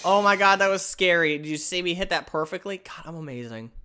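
A man giving excited gameplay commentary, yelping, exclaiming and trash-talking as he plays. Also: sits high, brisk, music in the background. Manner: excitable, yelps and exclaims loudly; trash-talks the game. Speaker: gamer.

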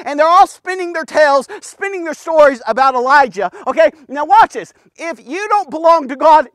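High-voiced excitable male Bible teacher. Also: no echo, clean studio sound. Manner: punchy, keeps asking "okay?", bursts of loud exclamations. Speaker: men's devotional teacher. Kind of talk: casual energetic Bible teaching.

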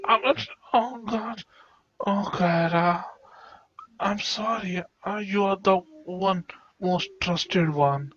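A woman's voice: medium pitch, slow pace, breathy edge, lo-fi sound. A woman voicing a jealous puppet husband. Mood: apologetic. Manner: accusing, then stammering and apologetic. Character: jealous young adult male puppet husband. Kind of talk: puppet comedy skit.

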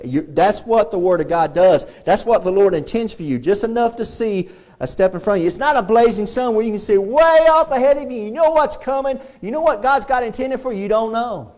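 A pastor preaching a sermon in a church, swinging between loud and hushed delivery and often repeating phrases. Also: male voice, high voice, animated, a little fast. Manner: repeats phrases and restarts lines. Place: church sanctuary.

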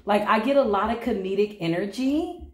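A woman's voice: medium pitch, moderate pace, echoey room. A woman giving a channeled tarot reading to her viewers, with a playful, teasing manner and sing-song greetings. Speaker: tarot reader.

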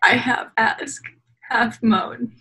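Slow, bright-voiced woman reading mock-sultry. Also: fairly high pitch, fairly even intonation, slightly rough, poor audio. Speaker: reader in a group fanfic reading. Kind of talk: dramatic reading aloud with asides. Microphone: video call.

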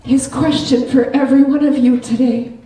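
A woman giving an earnest, personal sermon in a church, slow and reflective. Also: high-pitched, steady tone, warm tone. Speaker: lay preacher. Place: church sanctuary. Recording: roomy church hall, distant mic.

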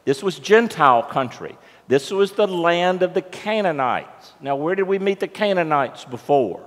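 A man's voice: fairly high pitch, lively intonation, moderate pace. A man preaching a sermon as pastor, telling the story conversationally and putting questions to the congregation. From United States. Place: church sanctuary. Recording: long church reverb.

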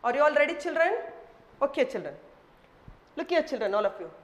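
A woman's voice: high voice, big pitch swings, a little fast. A woman with an Indian English accent teaching a vocabulary lesson to children, spelling each word letter by letter and repeating every phrase twice.

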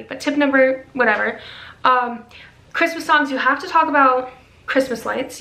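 A woman's voice: high voice, pushed and bright, roomy sound, low-quality recording. A young woman chatting in a casual vlog, bubbly and self-mocking, rambling with lots of fillers and sleepless late at night. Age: young adult. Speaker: vlogger. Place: bedroom, then a room with a piano.

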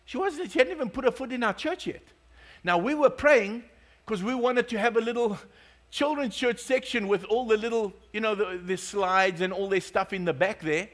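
A man's voice: high voice, normal speed. A male pastor preaching a sermon, telling stories and joking with his congregation. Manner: storytelling, joking, lively.

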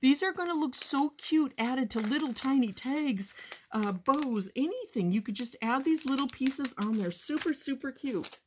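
A woman hosting a crafting haul video, chatting casually and gushing with excitement, often calling her viewers "guys". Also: high voice, normal speed, slight background noise. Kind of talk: casual show-and-tell haul chat.

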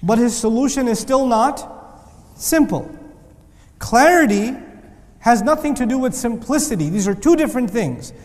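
High-voiced male teacher in a reverberant hall. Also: normal speed. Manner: animated, joking asides, emphatic repetition. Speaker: Islamic teacher lecturing students. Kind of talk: lively lecture with humor. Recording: long reverb of a large hall.

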